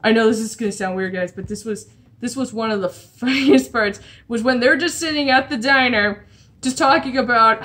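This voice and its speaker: A woman's voice: fairly high pitch, moderate pace, a bit bright. A woman chatting casually about a comic while drawing, rambling with lots of restarts. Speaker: comic art vlogger.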